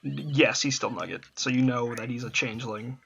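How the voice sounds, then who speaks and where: A man's voice: medium pitch, fairly even intonation, moderate pace, vocal fry, muffled recording, a crowd in the background. A man narrating as game master for a tabletop game, talking hesitantly with many fillers.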